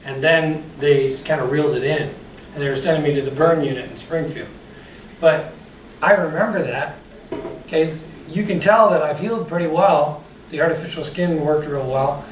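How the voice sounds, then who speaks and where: Speaking at an ordinary pace, this man has a somewhat high voice as he delivers a motivational customer service talk, mixing in his own stories and quizzing the audience. The recording is distant and echoey, with a faint hiss.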